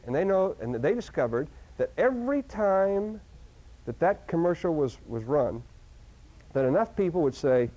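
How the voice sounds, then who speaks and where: A man lecturing a live seminar audience in an animated way, jumping into sudden loud bursts and stumbling over restarts. His voice is dark and mellow, at an ordinary pitch. The sound is a dull, lo-fi recording. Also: a little fast. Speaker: seminar speaker.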